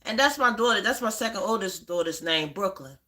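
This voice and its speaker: A woman's voice: medium pitch, expressive, brisk, pushed and bright. A middle-aged woman hosting a casual livestream, chatty, greeting viewers by name and repeating herself. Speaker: livestream host.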